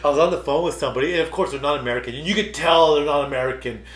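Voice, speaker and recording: A man's voice: on the high side, very fast. A man co-hosting a casual podcast, telling rambling stories full of "like" and "dude". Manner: rambling storyteller, lots of "like" and "dude". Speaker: podcast co-host. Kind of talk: casual chat. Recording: roomy echo.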